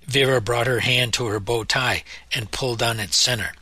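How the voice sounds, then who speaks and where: A man narrating a novel in a measured storytelling manner. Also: mid-range voice, fairly even intonation, pushed and bright, husky, no echo. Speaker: audiobook narrator. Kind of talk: scripted narration.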